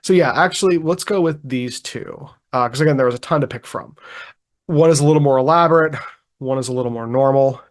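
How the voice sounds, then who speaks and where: A man co-hosting a podcast in casual chat, reading a witness account aloud in a relaxed, chuckling way with frequent ums and restarts. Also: medium pitch, a little fast. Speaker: podcast co-host.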